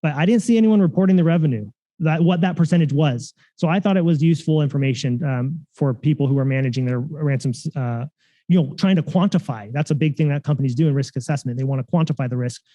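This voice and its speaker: A man's voice: a little high, fast, mellow. A man giving a security conference talk, casual and full of fillers and restarts. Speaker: conference speaker. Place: conference room.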